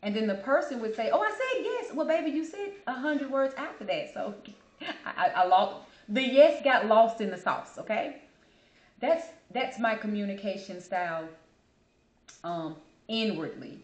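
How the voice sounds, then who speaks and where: Woman host, casual monologue, animated and repetitive, roomy echo. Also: medium pitch, unhurried. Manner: chatty, animated, repeats herself, calls listeners "baby". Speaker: podcast host. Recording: echoey room.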